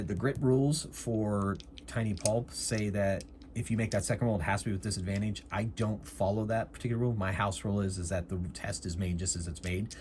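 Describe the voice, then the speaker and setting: A man's voice: lowish voice, a little hiss or hum. A man narrating a solo tabletop game, thinking aloud and explaining his rules casually. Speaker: game master and solo player.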